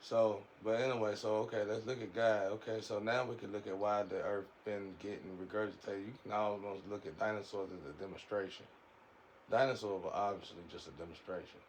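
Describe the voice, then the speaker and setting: A man's voice: fairly low pitch, steady tone, fairly quick, slight background noise, poor audio. A man giving a rambling, preachy spiritual monologue in a casual way, often repeating his words.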